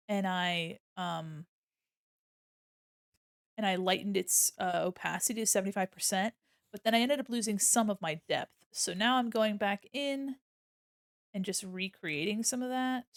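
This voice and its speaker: A woman's voice: medium pitch, clear, resonant tone, dry recording, clean studio sound. A woman streaming while she draws, chatting casually with her viewers, playful and mock-offended, laughing often. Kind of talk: casual live-stream chat while drawing.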